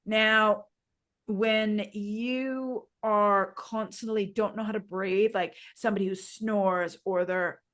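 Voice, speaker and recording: A woman yoga teacher explains breathing to her co-host in an instructive podcast chat. She talks in a guiding way and keeps turning to her listener with questions. Her voice sits at a middle pitch. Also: steady tone, takes it slowly, a bit bright.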